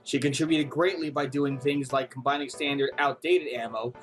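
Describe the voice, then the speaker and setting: A man voicing a calm, serious female informant from a game, briefing in a measured, grave way. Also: faint music behind, lightly acted. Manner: measured, grave, low-key. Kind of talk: reading game dialogue aloud.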